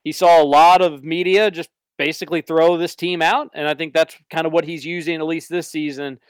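Smooth-voiced man hosting sports talk. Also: a little high, level tone, fairly quick, no room sound. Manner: opinionated, conversational, reads ad copy. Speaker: sports radio host.

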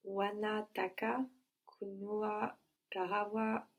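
A woman's voice: mid-range voice, flat delivery, moderate pace, breathy edge. A woman as a language student, answering drills with short, hesitant replies.

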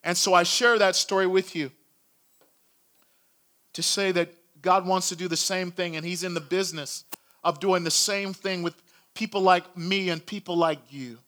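A man's voice: sits high, fairly even intonation, moderate pace, sharp tone. A male pastor telling a story in a sermon, earnest and building in intensity.

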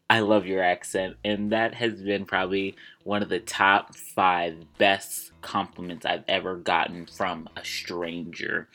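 A man's voice: sits low, bright, forceful tone. A young man hosting a casual vlog, chatty and rambling, laughing at himself as he goes. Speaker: vlog host. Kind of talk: casual solo vlog chat.

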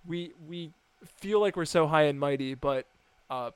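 A man's voice: on the high side, a little slow, clean tone, dry recording. A young American man co-hosting a podcast, chatting casually, laughing often and restarting his sentences. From United States. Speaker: podcast co-host. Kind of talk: casual chat.

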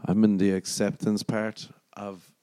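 A man's voice: fairly low pitch, little pitch movement, a little slow, warm tone, clean tone, no echo. A young Irish man hosting a podcast on his own, rambling casually, swearing a lot and poking fun at himself. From Ireland. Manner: sweary, self-mocking, rambling. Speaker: podcast host.

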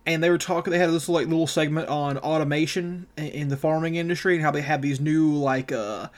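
A man co-hosting a casual podcast, ranting in a profane, animated way. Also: on the high side, a little fast. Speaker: podcast co-host.

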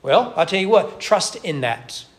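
A man's voice: high-pitched, expressive, measured pace. A man preaching at an evening church service, his voice sitting a little above the usual male range. He talks conversationally, throwing in wry asides and often restarting his sentences as he works through the text. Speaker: pastor. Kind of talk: expository sermon. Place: church sanctuary during evening worship.

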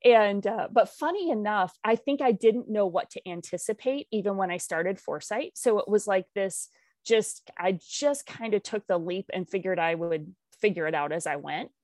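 A woman's voice: medium pitch, moderate pace, darkish tone, dry recording, clean studio sound. A young adult woman, founder of an organization, talking in an interview in a reflective, candid, self-deprecating way. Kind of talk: conversational interview.

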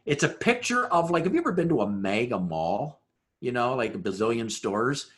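A man preaching a sermon, building through rhetorical questions and dropping to a hushed voice for emphasis. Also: mid-range voice, very animated, normal speed. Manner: dramatic rhetorical questions, swings between loud and hushed. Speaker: pastor.

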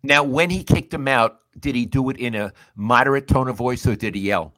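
An older man co-hosting a sports podcast, talking casually in a measured way, asking questions and summing up points. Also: medium pitch, fairly bright tone, no room sound. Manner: measured, asks questions and sums up.

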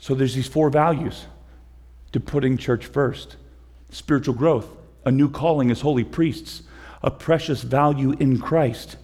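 In a church sanctuary, a middle-aged pastor preaches a conversational, repetitive sermon that builds into impassioned pleas. His medium-pitched voice is steady, a little slow and dark, and a long hall reverb trails his words.

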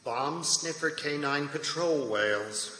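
Guy playing a tired clipped colonel in his forties, bright tone, echoey hall. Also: fairly high pitch, slow pace. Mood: weary. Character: weary male army colonel in his forties. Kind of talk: staged play reading.

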